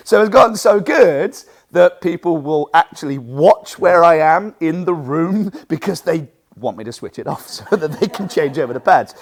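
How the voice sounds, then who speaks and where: A man coaching fellow martial arts instructors. His voice sits a little higher than most men's, and he moves through his points with lively, animated energy. He keeps slipping into quick acted-out exchanges with students. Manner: lively, animated, acts out quotes. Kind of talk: presenting a coaching seminar.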